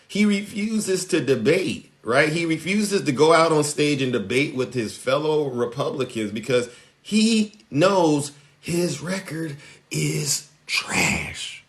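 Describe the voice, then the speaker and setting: A man's voice: medium pitch, fairly bright tone. A man giving a political monologue to his followers, emphatic and taunting, often tagging his points with a question. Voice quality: emphatic, repeats "all right?" as a tag. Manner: preachy, taunting. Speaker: social media commentator.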